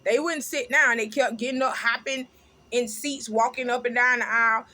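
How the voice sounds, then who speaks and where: A middle-aged woman hosting a casual commentary vlog, talking loudly and animatedly, laughing often. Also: on the high side, normal speed. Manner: loud, laughing, animated storytelling with sung snippets. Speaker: host.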